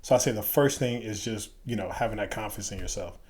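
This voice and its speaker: A man's voice: fairly low pitch, quick pace. A middle-aged man from Chicago, a former Green Beret guest telling stories in a casual interview and acting out the people he quotes. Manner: animated storyteller, acts out quoted voices.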